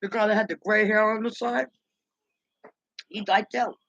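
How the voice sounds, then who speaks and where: A woman's voice: mid-range voice, fairly even intonation, moderate pace, a bit bright, no room sound, lo-fi sound. A woman talking in a loose, rambling casual monologue as a vlogger, often muttering and trailing off mid-thought.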